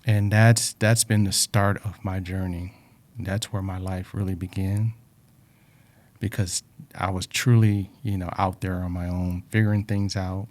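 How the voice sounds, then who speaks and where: A man's voice: low voice, level tone, a little slow, a little mellow. A man in a reflective personal talk, speaking earnestly about life lessons and often repeating words, emotional with a drying throat.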